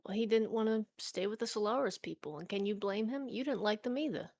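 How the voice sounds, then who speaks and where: Ernste Spielerin, trocken aufgenommen. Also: female voice, mid-range voice, fairly quick, a little mellow, dry recording, clean studio sound. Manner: earnest, defensive, hesitant restarts. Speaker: player. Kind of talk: tabletop role-play, narrating her character.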